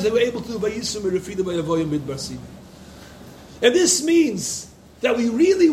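A man's voice: very high-pitched, a little hiss or hum. A man giving an impassioned Torah lecture to yeshiva students, repeating phrases for emphasis. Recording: echoey room.

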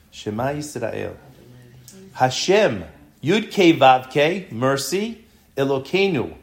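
In a classroom Torah lesson, a man explains things earnestly by posing rhetorical questions, frequently sinking into a low, intense voice.

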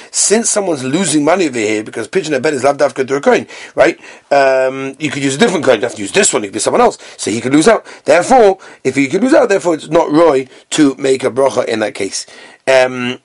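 Male Talmud teacher, Yeshivish English, sing-song chant, lively pitch, dry close sound. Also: no echo. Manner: animated, sing-song study chant with Hebrew and Yiddish terms. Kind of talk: Talmud study lecture.

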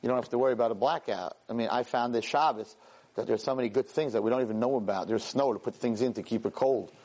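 Man, rabbi, storytelling class, animated, self-mocking, hebrew and yiddish words mixed in. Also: mid-range voice, fast. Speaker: rabbi and teacher.

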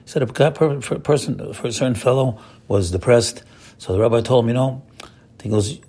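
A man's voice: mid-range voice, brisk, mellow, slightly rough. A man giving a casual, folksy Torah talk, repeating phrases and calling listeners his friends. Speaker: religious teacher.

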